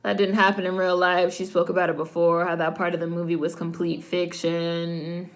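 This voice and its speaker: A woman's voice: lowish voice, level tone, moderate pace. A woman hosting a casual watch-along of a film, commenting bluntly and swearing freely. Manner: blunt, profane, talks back at the screen. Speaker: host reacting to a film.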